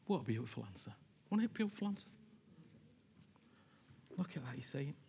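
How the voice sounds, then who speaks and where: A man's voice: medium pitch, big pitch swings, brisk, creaky, dark tone, slight background noise. A man preaching a sermon to a congregation and then leading a prayer, talking emphatically, repeating himself and addressing the people in front of him. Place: church hall with a congregation.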